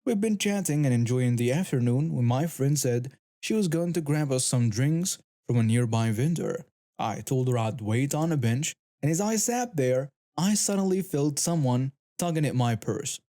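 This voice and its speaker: A man giving a steady, scripted first-person narration of a story. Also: mid-range voice, moderate pace.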